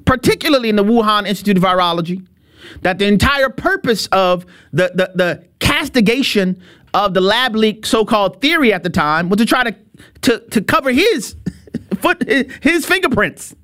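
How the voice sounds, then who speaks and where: A man's voice: high-pitched, lively intonation, normal speed, fairly bright tone. A middle-aged man hosting a show, giving an emphatic, opinionated commentary monologue with repetitions and chuckles. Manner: emphatic, repeats himself, chuckles. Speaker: show host.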